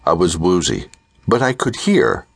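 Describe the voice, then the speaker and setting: A man reading a first-person audiobook in a measured storytelling manner. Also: deep voice, big pitch swings, dry recording, studio quality. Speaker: audiobook narrator.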